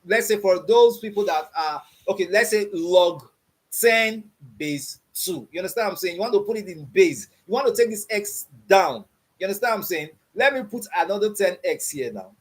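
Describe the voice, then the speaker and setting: Guy teaching html on a video call, pretty high voice, keeps asking "you understand?". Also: animated, fairly quick. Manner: repeats "you understand what I'm saying?" and quizzes with "what?". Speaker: coding instructor. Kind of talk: online coding class.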